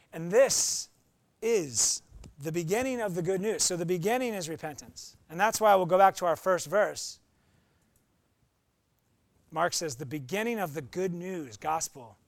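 A man's voice: a little high, creaky, no echo. A young adult man preaching a conversational sermon as pastor, often acting out quoted voices.

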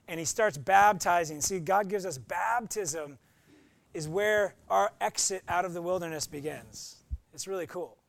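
High, gravelly preaching man. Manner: conversational, emphatic, acts out quotes. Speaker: pastor. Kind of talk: sermon.

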